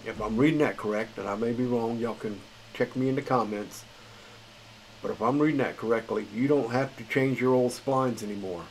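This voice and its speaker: A man's voice: mid-range voice, brisk, a little hiss or hum, low-quality recording. A man hosting a gaming channel, reading patch notes in a tired, rambling, casual way. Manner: rambling, filler-heavy, chuckles at himself. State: tired late at night.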